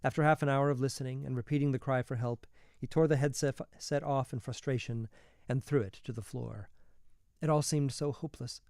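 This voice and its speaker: Man reading a book out loud, warm mellow voice, dry close mic. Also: mid-range voice, creaky, dry recording. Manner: steady, measured storytelling. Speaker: reader. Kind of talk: reading a novel aloud.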